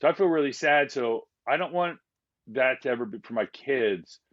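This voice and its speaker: A man of middle pitch talks openly and loosely as a podcast guest, circling back with fillers and restarts. His voice comes through slightly dull and lo-fi. He sounds unscripted and conversational. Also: expressive, normal speed. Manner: candid, rambling, with many restarts and fillers. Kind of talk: casual conversation.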